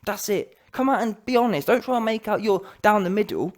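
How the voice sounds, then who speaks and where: A man's voice: high-pitched, a little fast. Heated man ranting. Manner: heated, slangy, mocking. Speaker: boxing commentary vlogger. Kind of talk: ranting commentary.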